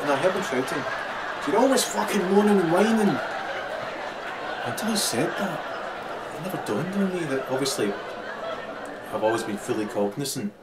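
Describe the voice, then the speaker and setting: A man with a Scottish accent in a rambling, crude monologue who keeps laughing as he talks. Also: mid-range voice. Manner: crude, laughs through his talk, swings loud and quiet. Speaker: vlogger. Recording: distant mic, loud crowd and noise.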